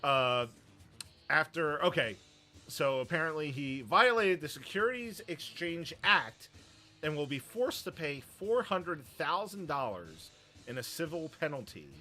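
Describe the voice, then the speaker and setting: A man's voice: fairly high pitch, expressive, unhurried, bright, forceful tone, faint music behind. A man hosting a wrestling show, chatting casually about the news and giving his opinions, with a rambling manner and many fillers.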